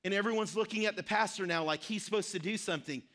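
High, bright-voiced preacher man. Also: quick pace. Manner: earnest storytelling with repeated phrases. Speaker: pastor. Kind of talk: sermon with storytelling.

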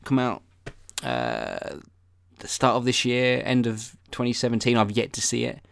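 A man's voice: mid-range voice, very animated, a little slow, vocal fry, a bit bright, no room sound. A man hosting a solo podcast, rambling off-topic in a self-deprecating way with casual swearing. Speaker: podcast host.

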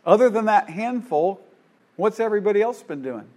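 A man preaches with fervor, surging loud and dropping to near-murmurs. His voice sits high for a man. He often restarts mid-phrase as he presses on. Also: lively intonation, a little fast, a little hiss or hum. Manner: fervent, rising and falling, with many restarts. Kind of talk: sermon.

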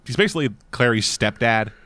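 A man's voice: mid-range voice, a little fast, sharp tone, dry recording. A man in casual podcast chat, talking crudely and animatedly and laughing often. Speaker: podcast co-host.

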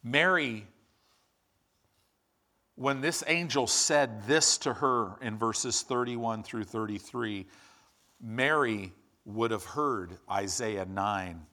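A man preaching a sermon in an animated, exclamatory way with quick asides. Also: medium pitch.

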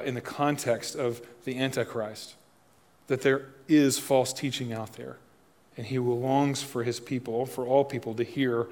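A man preaching a sermon as pastor, swinging from loud emphatic lines to soft, hushed appeals and asking the listeners direct questions. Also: medium pitch. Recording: long reverb of a large hall.

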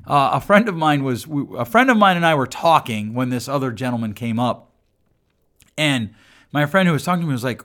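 A man's voice: mid-range voice, expressive, brisk, fairly bright tone. A man hosting his own podcast, talking through advice in a loose monologue, often repeating and restarting words, with a dry sense of humor. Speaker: podcast host.

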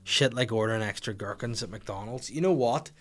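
A man's voice: fairly low pitch, fairly quick, a bit bright. A young man hosting a comedy podcast, swearing freely and acting out little scenes as he rants. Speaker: podcast host.

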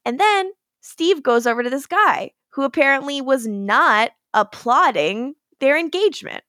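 Animated woman recapping a show. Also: sits high, a little slow, dry recording, clean studio sound. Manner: animated, laughs often, swears casually. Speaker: podcast co-host recapping episodes. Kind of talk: casual chat recap.

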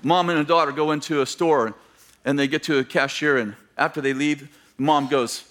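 A male pastor preaching to his church, with a voice pitched a little high for a man. He tells stories and acts out the people in them, dropping in joking asides along the way. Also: steady tone, normal speed, a bit bright. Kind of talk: sermon.

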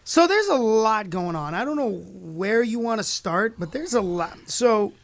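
A man with a fairly high voice co-hosts a podcast, telling stories with plenty of animation and frequent laughter. His voice is recorded dry and close to the mic, with no room sound. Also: measured pace, vocal fry, no echo. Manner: animated storyteller, laughs often. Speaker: podcast co-host. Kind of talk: casual chat.

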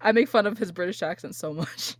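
A woman's voice: on the low side, fairly quick, no room sound. A woman guest voice actress answering questions in a casual podcast interview, laughing often.

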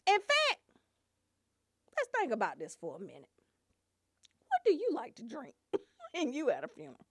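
A woman telling profane comedy stories, loud and animated, swearing and laughing often. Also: on the high side, normal speed, no room sound, studio quality.

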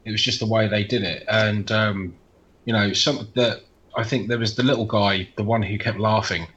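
A man's voice: lowish voice, fairly even intonation, normal speed, a bit bright, lo-fi sound. A man from the UK co-hosting a casual podcast chat, giving blunt, dismissive opinions with free swearing. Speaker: podcast co-host. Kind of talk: casual horror movie chat.

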